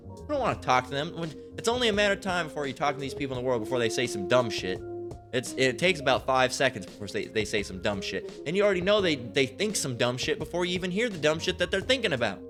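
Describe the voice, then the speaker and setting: A man of middle pitch ranting in a loose, profane preaching style, circling back over the same points and stumbling through restarts. Music plays clearly behind his voice. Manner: rambling, repetitive, swears a lot. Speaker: religious commentator. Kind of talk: profane casual preaching rant.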